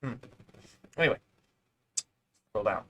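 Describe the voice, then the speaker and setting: A man's voice: takes it slowly, lo-fi sound, a little hiss or hum. A male streamer reading an article aloud with rambling, sarcastic asides. He swears now and then and trips over words as he reads. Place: home streaming setup.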